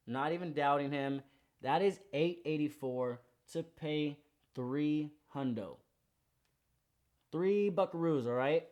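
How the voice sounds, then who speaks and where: A young man hosting a sports betting show, running through his picks in a slangy, hyped, confident way. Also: fairly high pitch. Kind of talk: casual betting picks rundown.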